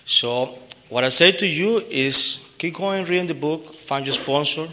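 A man giving an earnest personal testimony at a recovery meeting, halting, with repeated words and restarts. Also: fairly high pitch, sharp tone, slight background noise. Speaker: member sharing his recovery story.

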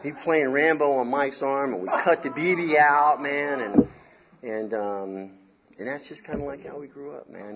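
A middle-aged man from the Southern US telling a wild story from his youth in a casual, rambling, animated way, dropping "man" and "you know" often. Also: mid-range voice, slightly rough. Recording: slightly dull recording.

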